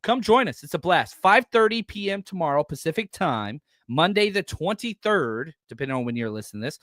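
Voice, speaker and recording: Animated man hosting a fan podcast. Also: a little high, brisk, no room sound, studio quality. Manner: animated, blunt, reads out viewer chats. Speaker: podcast host. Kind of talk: live postgame fan reaction show.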